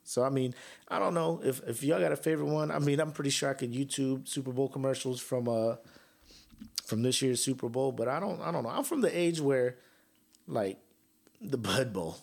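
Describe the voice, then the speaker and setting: A man's voice: mid-range voice, moderate pace, gravelly. A young man hosting a podcast, ranting casually with slang, swearing and sarcasm. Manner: profane, animated, sarcastic, slangy. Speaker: podcast host.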